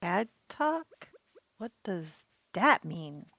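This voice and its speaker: A woman streaming a farming game with a friend, playful and full of quick questions. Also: lowish voice, sing-song, sharp tone, no room sound. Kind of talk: casual co-op gameplay chat. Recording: dry, dull lo-fi mic.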